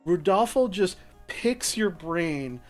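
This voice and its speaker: A man's voice: high-pitched, animated, takes it slowly, soft background music. A man narrating as game master, describing the scene in a rambling, restarting way. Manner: rambling, lots of fillers and restarts.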